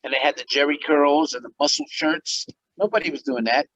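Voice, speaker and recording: Middle-aged man, guest storyteller, animated and laughing, slightly high voice, dry close sound. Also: fairly quick, dry recording, poor audio. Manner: animated, laughs often, acts out quotes. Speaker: interview guest, musician and actor. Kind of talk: casual storytelling interview.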